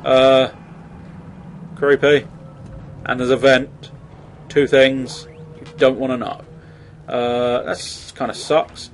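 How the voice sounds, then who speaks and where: A man's voice: medium pitch, flat delivery, slow pace, long pauses, a little hiss or hum. A man giving jokey, mildly sweary let's play commentary on a horror game. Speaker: gamer.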